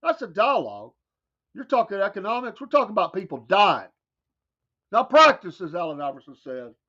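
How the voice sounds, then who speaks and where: Very animated and brisk, a man with a high, bright voice and forceful tone hosts a morning talk show in a Southern American accent. He riffs in a folksy, wry way with mocking asides in a casual talk radio monologue, though the highs are cut off.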